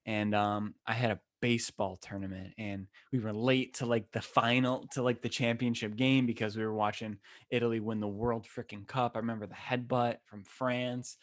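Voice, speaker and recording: A man's voice: mid-range voice, moderate pace, few pauses. A young man hosts his podcast alone, telling a long story in a loose, slangy way. He rambles and gets worked up as he goes, with a voice that sits in an ordinary middle range for a man. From Western New York. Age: 20s. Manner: animated, rambling, slangy and excitable. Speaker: podcast host. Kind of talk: casual solo podcast storytelling. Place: temporary room, not his usual setup.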